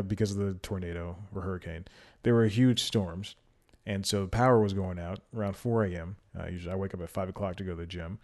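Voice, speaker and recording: Male solo podcast host, lower voice, casual, rambling, self-amused laughs. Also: a little mellow.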